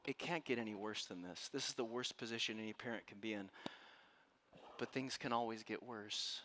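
A man preaching a sermon to a room and listeners at home, telling a story with passion and dropping from loud to hushed. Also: fairly low pitch, normal speed, a little hiss or hum. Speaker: pastor. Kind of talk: sermon to a live congregation. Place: room with an audience.

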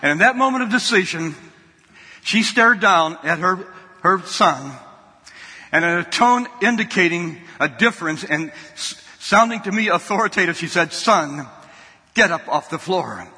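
A man's voice: high voice, lively intonation, moderate pace, pushed and bright, slightly rough. A man preaching a sermon, telling a folksy story and often repeating his words. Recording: long hall reverb.

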